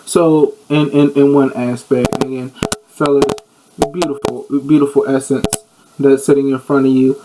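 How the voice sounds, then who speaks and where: A man co-hosting a podcast in casual chat, playful and animated, often repeating words. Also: mid-range voice, normal speed, noisy background. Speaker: podcast co-host.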